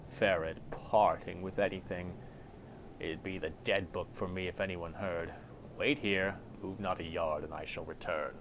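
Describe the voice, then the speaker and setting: A man's voice: fairly even intonation, unhurried, noisy background. A man voicing a sly, crippled old male beggar who wheedles and turns menacing, in a game reading. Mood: wheedling. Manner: wheedling, drawn out, dropping low.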